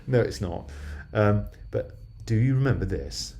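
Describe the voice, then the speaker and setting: Unhurried and mellow, his lowish voice touched with vocal fry, the older video diarist from southwest England wanders chattily from thought to thought. He checks in with the listener again and again, dropping "yeah?" at the end of lines.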